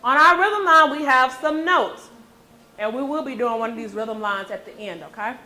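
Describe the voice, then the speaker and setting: A woman with a high, bright voice leads a music class in a school classroom. She encourages the pupils and keeps asking "okay?" to check that they follow. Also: normal speed, slight background noise, rough recording. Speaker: music teacher. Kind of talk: classroom teaching.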